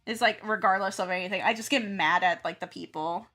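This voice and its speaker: A woman's voice: mid-range voice, brisk, sharp tone, faint music behind. A woman from the South, chatting casually on stream, rambling and laughing often as she acts out her own reactions. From American South. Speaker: art streamer and teacher. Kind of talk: casual chat while drawing on stream.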